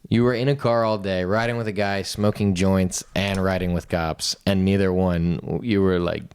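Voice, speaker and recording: A man's voice: deep voice, steady tone, moderate pace, a little mellow, clean tone. A man co-hosting a podcast, chatting casually, chiming in with jokes and short replies. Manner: laid-back, chimes in with jokes and short replies. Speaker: podcast co-host. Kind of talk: casual chat.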